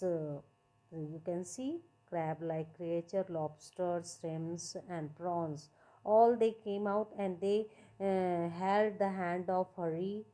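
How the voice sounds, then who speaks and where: A woman's voice: on the low side, mellow. A woman teacher with an Indian accent explaining a story to students, patiently repeating words and mixing in Hindi. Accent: Indian English.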